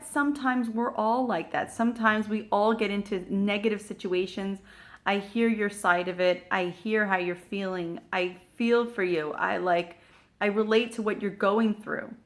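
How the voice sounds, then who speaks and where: A woman giving casual parenting advice, talking in a lively way and acting out short bits of dialogue, with plenty of fillers. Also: medium pitch. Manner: animated, acts out little dialogues, many fillers. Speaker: parenting coach. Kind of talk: casual advice talk to camera.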